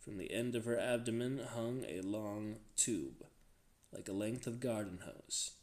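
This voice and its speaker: A man's voice: on the low side, a little slow. Man reading a thriller aloud dramatically. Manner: dramatic, varied expressive reading. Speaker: reader.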